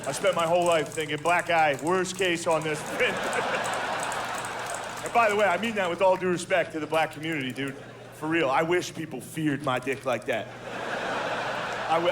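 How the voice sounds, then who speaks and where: Profane self-mocking stand-up comedian, man. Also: a little high. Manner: profane, self-deprecating storytelling. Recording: clear background noise.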